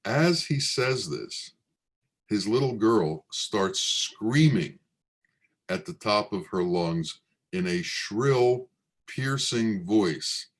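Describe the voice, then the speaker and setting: A man with a low voice tells a teaching parable very slowly and deliberately. He speaks as a spiritual teacher, taking his time over each line. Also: expressive. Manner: slow, deliberate storytelling.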